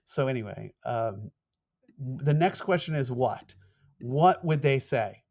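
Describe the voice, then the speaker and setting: A middle-aged man with a New York accent, a former TV producer lecturing fast in an online course and acting out quoted emails. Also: medium pitch. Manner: fast-talking, animated, acts out quoted emails.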